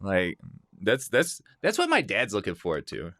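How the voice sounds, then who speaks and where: A man's voice: sits low, wildly swooping pitch, moderate pace, a bit bright, dry recording, clean studio sound. A man guest on a casual podcast chat, rambling with many restarts.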